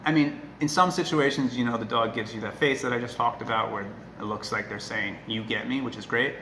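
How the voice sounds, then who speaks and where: A man talking casually to the camera as a dog trainer, earnest and emphatic, often checking in with a quick "right?". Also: mid-range voice, pushed and bright. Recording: echoey room with faint noise.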